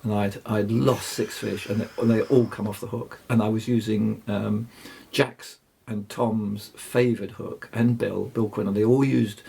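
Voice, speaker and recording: An older man, telling rambling fishing stories as a guest, halting and restarting often. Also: fairly low pitch, level tone, dark tone, slight background noise. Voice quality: gravelly, husky. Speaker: guest angler. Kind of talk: anecdotal storytelling.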